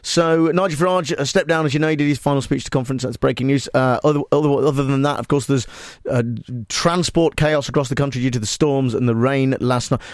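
A man hosting a comic talk radio show in a deadpan, mock-serious way. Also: medium pitch, fast, few pauses, dry recording, studio quality. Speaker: radio host.

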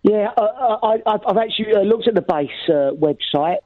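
A man's voice: high-pitched, expressive, normal speed, no room sound, phone-quality sound. A man playing a blunt, indignant working-class cleaner calling in to a comic radio phone-in. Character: proud grumbling London working-class male cleaner. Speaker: caller.

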